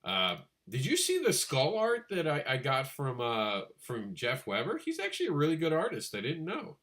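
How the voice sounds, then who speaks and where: On a relaxed podcast about comic book crowdfunding, a male co-host talks in an animated way, laughing easily and imitating other people in a high-pitched voice.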